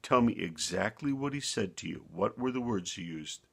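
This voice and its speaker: A man playing a calm serious shepherd. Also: lowish voice, normal speed, vocal fry, husky, exaggerated voice. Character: kind adult male shepherd, serious.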